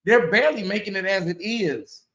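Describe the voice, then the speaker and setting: A woman hosting a commentary channel, talking casually to her viewers, animated and repeating herself as she exclaims. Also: mid-range voice, moderate pace, reverberant.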